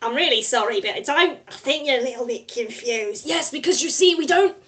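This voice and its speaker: A woman's voice: a little high, a little fast, fairly bright tone, natural voice. A woman voicing a trio of bewildered ghostly bird brothers who stammer and sound tearful. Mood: apologetic.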